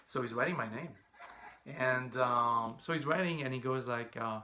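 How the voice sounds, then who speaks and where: A man's voice: medium pitch, moderate pace. A man from Montreal with a Quebec French accent, a French speaker, telling a casual personal story and acting out the voices of the people in it. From Montreal, Canada. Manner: animated, acts out the voices of people in his story.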